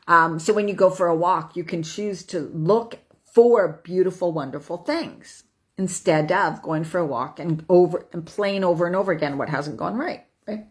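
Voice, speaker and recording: A woman's voice: lowish voice, moderate pace. A woman in her fifties giving a casual self-help talk, chatty, tagging her points with "right?" and laughing as she goes. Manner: chatty, frequent "right?", laughs while talking. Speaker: host.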